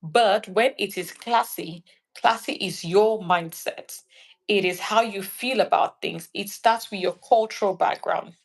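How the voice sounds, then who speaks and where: A woman's voice: medium pitch, a little slow, vocal fry. Woman chatting animatedly. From Nigeria. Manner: animated, acts out little scenes in quoted voices. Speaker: guest. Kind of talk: casual interview chat.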